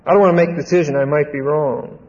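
A man's voice: a little high, fairly even intonation, quick pace, a little mellow. Emphatic male preacher in a reverberant hall. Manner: conversational, emphatic, checks in with the listeners. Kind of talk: Bible teaching sermon. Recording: dull lo-fi recording with long hall reverb.

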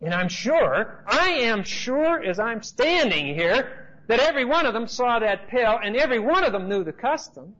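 A man's voice: extremely high pitch, big pitch swings, moderate pace, a bit bright. A man teaching a Bible study in an emphatic, repetitive, conversational way. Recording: dull lo-fi recording.

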